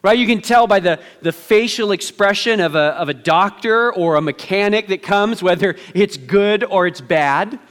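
High-voiced pastor in a reverberant hall. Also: male voice. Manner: conversational, self-deprecating humor; hushed, slow prayer. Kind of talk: sermon. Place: church sanctuary.

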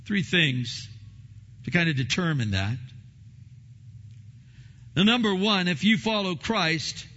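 Emphatic preacher in an echoing hall. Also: male voice, high-pitched, sing-song, takes it slowly. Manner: emphatic preaching, repeats words, swings loud and soft. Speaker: pastor. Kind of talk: sermon. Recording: long hall reverb, dull lo-fi sound.

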